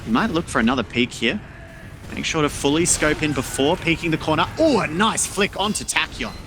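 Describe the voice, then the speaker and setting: Aussie guy casting esports, kinda high voice, lots of noise behind him. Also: lively intonation. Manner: fast play-by-play, trailing off into filler and repeats. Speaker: esports caster. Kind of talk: live game commentary.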